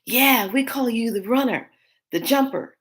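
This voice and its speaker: Woman voicing an excited boy of eight, high, keen, hushed. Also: a little slow. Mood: eager. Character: curious young boy, eight or nine.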